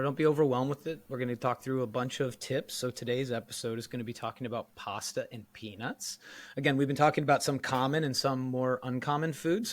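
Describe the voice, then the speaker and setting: A man co-hosting a nutrition podcast in casual chat, his voice hoarse and rambling earnestly with restarts. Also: mid-range voice, no room sound. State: hoarse, partly lost voice. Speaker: podcast co-host. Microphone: studio microphone.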